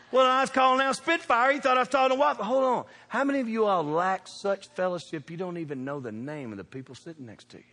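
A man preaching a sermon, telling funny stories with animated shouts and laughter. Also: very high voice. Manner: animated, shouting bursts, laughing through punchlines. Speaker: pastor. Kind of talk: humorous storytelling sermon. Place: church sanctuary. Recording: reverberant church hall.

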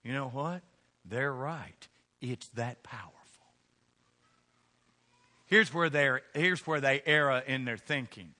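A man preaching a sermon in church, swinging between loud calls and hushed asides. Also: mid-range voice, slow, pauses often.

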